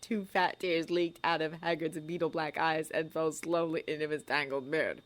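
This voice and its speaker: A woman narrating a fan-written story in an expressive, audiobook reading style. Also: deep voice, a little fast, few pauses. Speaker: fanfiction reader.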